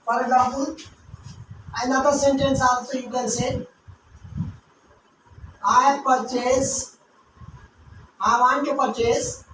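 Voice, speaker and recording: A woman teaching English grammar, slowly repeating each word syllable by syllable and sometimes explaining in local languages. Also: high-pitched, level tone, fairly bright tone. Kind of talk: grammar lesson with pronunciation drills. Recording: very echoey room, voice from far off, faint hiss.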